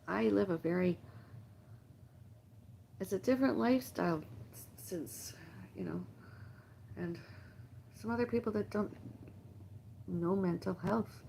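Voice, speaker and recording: Middle-aged woman host, low gravelly voice, rambling emotional phone livestream. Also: a little mellow, slight background noise. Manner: halting, emotional, repetitive lists. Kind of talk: rambling personal monologue.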